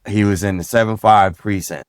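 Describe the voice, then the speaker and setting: A middle-aged man from Brooklyn, New York, a former police sergeant and DJ, tells stories as a guest in a podcast interview. His fairly low voice sounds close and dry with no echo, and he speaks at normal speed. He's easygoing and direct, livening up whenever he replays conversations.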